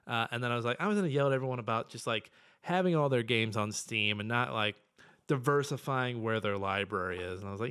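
A young man in a casual podcast chat, his voice sitting at an ordinary middle pitch. He rants profanely and excitably, working himself up into loud bursts before dropping back to an offhand mutter. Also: brisk, clean tone. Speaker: podcast co-host.

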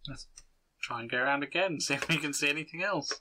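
A man's voice: fairly high pitch, quick pace. A man playing a tabletop game, asking practical questions about the scene. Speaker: player. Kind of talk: casual tabletop game chat. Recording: faint background noise.

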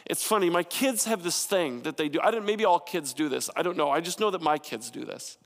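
A man's voice: a little high, brisk, long reverb tail. A man in his thirties preaching a sermon as a pastor, conversational and storytelling with playful asides.

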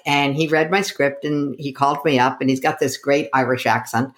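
A woman's voice: low voice, steady tone, moderate pace, hardly any pauses. A middle-aged woman from the United States, a coach being interviewed, who tells her story with energy and acts out the dialogue she quotes. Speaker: guest, coach.

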